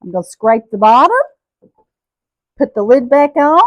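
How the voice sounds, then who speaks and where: A woman's voice: on the high side, lively intonation, normal speed, no room sound, muffled recording. A middle-aged woman with a Southern US accent hosts a casual cooking vlog, chatting to viewers in a homey way. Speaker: cooking show host.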